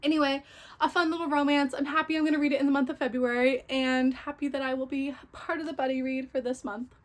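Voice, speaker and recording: High-voiced young woman, chatty book vlogger; gushing, filler-heavy casual delivery. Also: flat delivery, fast talker. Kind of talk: casual book haul chat.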